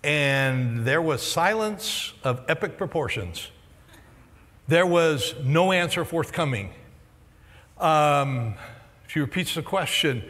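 A middle-aged man preaching a sermon as pastor, animated and joking, his voice going hoarse. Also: on the high side, moderate pace, in a large hall. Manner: animated, joking, acts out quoted reactions. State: losing his voice. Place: church auditorium.

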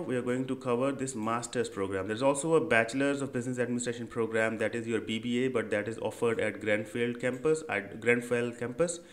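A young man hosting an education channel, talking through a screen-share tutorial in a casual, conversational way with many fillers and "right?" check-ins. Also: medium pitch.

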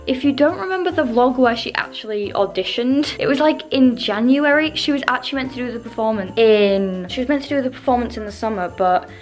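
Excitable woman vlogging. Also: on the high side, brisk, hardly any pauses, faint music behind. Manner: gushing, excitable, chatty. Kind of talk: casual vlog chat.

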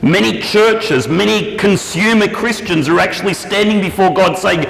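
Man, pastor, sermon, lively, slightly high voice, long church reverb. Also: normal speed, creaky. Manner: animated, acts out prayers and quotes with shifting pitch. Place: church hall.

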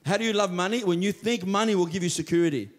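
A man preaching a sermon as pastor, telling stories with lively quoted voices. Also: high voice, fast. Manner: animated storytelling, acts out quoted voices. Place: church.

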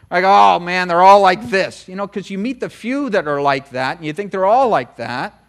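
A middle-aged American man preaching a conversational sermon as pastor, often acting out short voices of other people. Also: fairly high pitch. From United States.

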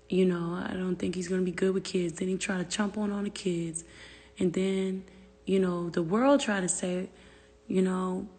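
Venting on a phone livestream, a young woman reads viewer comments aloud and answers them, profane and exasperated. She has a lowish, darkish, husky voice, and the sound carries like a large hall.

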